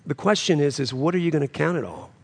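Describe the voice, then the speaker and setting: A man preaching a sermon, swinging between loud, high climaxes and low, quiet drops, repeating phrases for emphasis. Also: lively intonation, fast, husky. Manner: preaching with sudden rises and drops in pitch and loudness, repeating phrases. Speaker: pastor.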